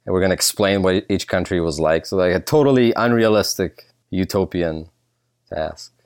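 A middle-aged man, born in Russia, speaking as a political science professor in a relaxed interview, candid and full of fillers. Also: deep voice, moderate pace, no room sound, clean studio sound. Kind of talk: casual conversational interview.

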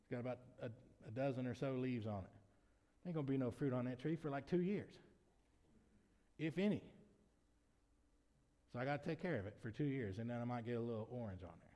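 A man preaching a sermon as pastor, shifting between quiet conversational asides and loud, emphatic preaching. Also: mid-range voice, expressive, fairly quick, long pauses. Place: church sanctuary. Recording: long reverb of a church hall.

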